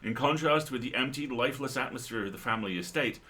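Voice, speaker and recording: A man's voice: mid-range voice, quick pace, pushed and bright. A man co-hosting a game stream, reading narration and making wry, playful jokes. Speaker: streamer and co-host. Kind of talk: casual live-stream commentary and narration.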